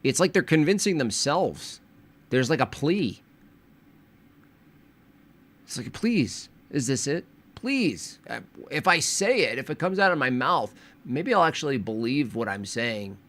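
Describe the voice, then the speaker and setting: A man reacting to a podcast clip with sarcastic, mocking commentary. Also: normal speed. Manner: sarcastic, mocking, jumps between deadpan and high bursts. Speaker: video reactor.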